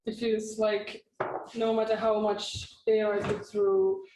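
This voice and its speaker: A woman's voice: mid-range voice, monotone, slow, warm tone, reverberant, distant mic, poor audio. A woman from Estonia answering questions modestly in a casual interview. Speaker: guest horn student.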